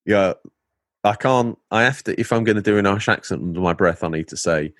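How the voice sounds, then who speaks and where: A young Englishman with a Lincolnshire accent, chatting casually and playfully as a co-host. His voice sits fairly low and is recorded dry and close, with no room around it. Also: fairly quick, fairly bright tone, no room sound. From England. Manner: jokey, playful, tries out accents. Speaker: podcast co-host. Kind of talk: casual chat.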